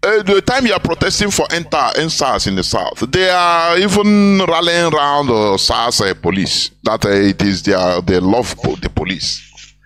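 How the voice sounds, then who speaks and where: A man's voice: a little high, lively intonation, normal speed, hardly any pauses, fairly bright tone. A man hosting a live call-in broadcast, lecturing listeners with frequent hesitant fillers. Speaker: host.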